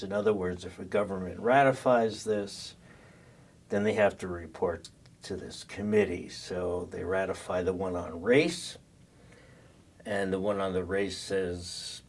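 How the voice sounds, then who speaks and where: An older man lectures to a class in a loose, conversational way, often stopping and restarting. His voice is deep and a bit husky. He sounds set back from the microphone. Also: a little mellow, far from the mic. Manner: conversational, many fillers and restarts. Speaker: social work professor lecturing.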